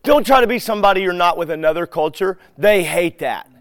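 A man teaching a live group in a relaxed, conversational way. He acts out bits of everyday dialogue as he tells his stories. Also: high voice, a little fast, no echo. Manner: animated storyteller who acts out dialogue.

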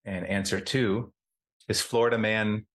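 A man's voice: fairly low pitch, fairly even intonation, measured pace, a bit bright. A man co-hosting a casual podcast, easygoing and agreeable, who giggles often. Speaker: podcast co-host. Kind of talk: casual chat.

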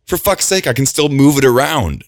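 A man's voice: low-pitched, fairly even intonation, moderate pace, a little mellow, no echo, studio quality, voice pushed up, lightly acted. A man voicing a wounded young woman who speaks through pain with a wry, strained edge.

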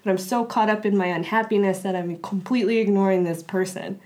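A woman's voice: mid-range voice, fairly even intonation, quick pace, a little mellow. Woman, interview guest; casual, filler-heavy personal storytelling. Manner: chatty, frequent "like" fillers and restarts. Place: Los Angeles area.

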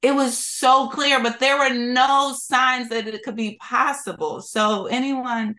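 Bright, animated woman telling her story. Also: sits high, slow pace. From Philadelphia, USA. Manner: animated and expressive, laughing often. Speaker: podcast guest. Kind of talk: storytelling interview.

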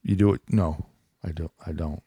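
A man's voice: low-pitched, fairly even intonation, normal speed, mellow, husky, no echo. A man, a father co-hosting a podcast, giving short, dry, mumbled replies. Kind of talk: casual chat.

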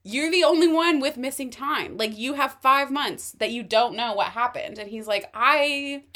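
A woman co-hosting a casual podcast chat, retelling a TV episode with lively acted-out quotes and frequent laughter. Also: high-pitched, moderate pace. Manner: animated storytelling, acting out quoted lines, laughs often. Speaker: podcast co-host.

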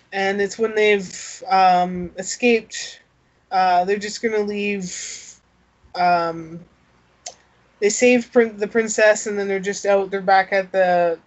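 A woman co-hosting a casual chat, laughing often and restarting her sentences. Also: medium pitch. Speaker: podcast co-host. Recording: dull lo-fi sound.

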